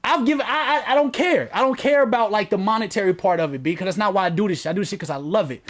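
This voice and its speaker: A man's voice: sits high, very fast. A man hosting a livestream in casual chat, slangy and profane, reading viewer comments aloud. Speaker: livestream host.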